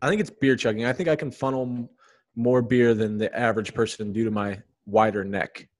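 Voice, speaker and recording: A man's voice: medium pitch, fairly even intonation, fairly quick. A man co-hosting a casual podcast, rambling and joking about his own ideas. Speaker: podcast co-host. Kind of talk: casual chat.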